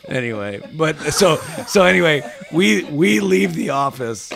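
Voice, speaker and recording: A man in his forties, a podcast guest, telling casual stories in an animated way and acting out other people's lines. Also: a little high, unhurried, gravelly. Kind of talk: casual storytelling.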